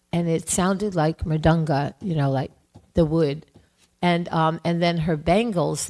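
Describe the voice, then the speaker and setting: Slow, low-voiced woman telling a devotional story. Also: darkish tone, rough recording. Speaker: class speaker. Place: temple hall.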